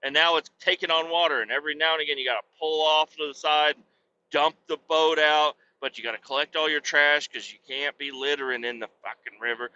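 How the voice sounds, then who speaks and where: A man's voice: a little high, fairly even intonation, a little fast, bright, forceful tone, highs cut off. A man hosting a podcast and telling a rowdy, profane, rambling comic story. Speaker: podcast host.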